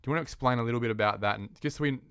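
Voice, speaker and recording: A man hosting a property podcast, prompting his guest with brisk questions. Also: mid-range voice, fairly bright tone, smooth, no echo, clean studio sound. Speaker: podcast host. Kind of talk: casual podcast interview.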